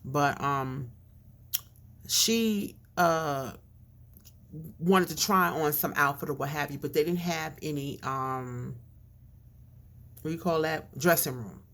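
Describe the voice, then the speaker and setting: A woman with a low, dark voice tells a personal story to her camera. She talks casually, full of fillers and side comments. Her words come out slightly mushy from a chain in her mouth. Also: takes it slowly, pauses often. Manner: chatty, with fillers and asides. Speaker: vlogger.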